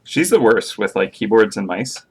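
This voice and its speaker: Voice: medium pitch, expressive, moderate pace, a little hiss or hum. A coworker rambling casually through a story, with many fillers. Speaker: staff member on a game studio video. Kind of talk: casual office chat.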